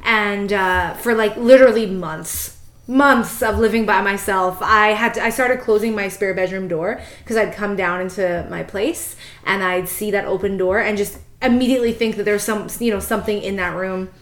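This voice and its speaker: A woman's voice: medium pitch, steady tone, normal speed, fairly bright tone, reverberant. A woman in her late twenties, a podcast host, chatting casually with many fillers. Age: late 20s. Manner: chatty, lots of fillers and likes, laughs easily. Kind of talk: casual chat.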